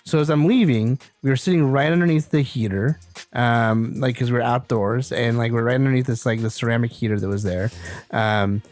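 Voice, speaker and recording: A man's voice: mid-range voice, steady tone, brisk, a little mellow. A man co-hosting a casual podcast, ranting with heated, swearing outbursts. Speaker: podcast co-host.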